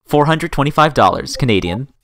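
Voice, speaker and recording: A man's voice: medium pitch, lively intonation, fairly quick, fairly bright tone. A man hosting a livestream, affectionate and upbeat as he hypes the chat. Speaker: host.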